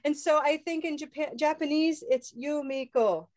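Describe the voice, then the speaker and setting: A woman's voice: high voice, normal speed, a little mellow. A woman teaching English pronunciation in a live online class, upbeat and leading call-and-response chants over a video call.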